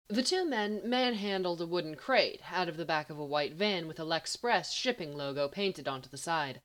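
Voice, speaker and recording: A woman narrating a story in a steady, even reading voice. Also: low-pitched, moderate pace. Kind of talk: audiobook fiction reading.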